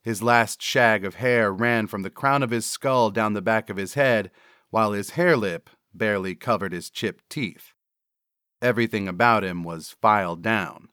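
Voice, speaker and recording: A man reading a horror story in a measured narrating style. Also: fairly low pitch, fairly bright tone, no room sound, clean studio sound.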